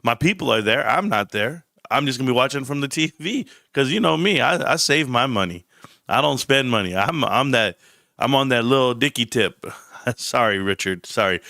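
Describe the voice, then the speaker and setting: A man's voice: mid-range voice, expressive, normal speed, gravelly, bright, forceful tone, no echo, studio quality. A middle-aged man hosting a livestream, blunt and rambling, often breaking off mid-sentence. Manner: blunt, rambling, self-interrupting. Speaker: stock livestream host. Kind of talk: casual livestream commentary.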